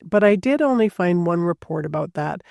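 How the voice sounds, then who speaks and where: Podcast host, true-crime storytelling, chatty asides, fry in the voice, mid pitch. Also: expressive, normal speed, darkish tone, no echo, studio quality.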